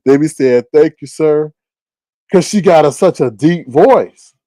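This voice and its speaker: A man hosting a casual livestream commentary, his voice swooping widely as he reacts. He talks in an animated, exclamatory way and laughs often. The sound is dry and close. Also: a little high, no echo, low-quality recording.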